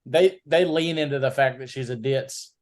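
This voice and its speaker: A man's voice: medium pitch, moderate pace. A man co-hosting a podcast, giving frank opinions about a film in a laid-back, casual way.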